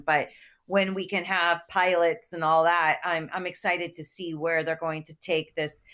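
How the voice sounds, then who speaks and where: A woman's voice: lowish voice, bright, forceful tone. A woman, a comedian and actress, chatting as a guest over a video call, bubbly and laughing often. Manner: bubbly, laughs often, slips into playful put-on voices. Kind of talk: casual video call interview.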